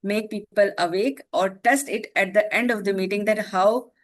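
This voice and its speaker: A woman explaining a word and her meeting role, careful and pausing with fillers and restarts. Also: medium pitch, fairly even intonation. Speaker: club member, super listener.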